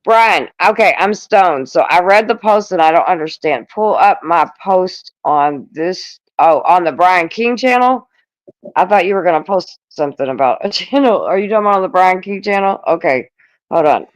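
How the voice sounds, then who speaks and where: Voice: mid-range voice, animated, moderate pace, dry recording, lo-fi sound. A panelist in casual chat on a live stream, animatedly retelling conversations.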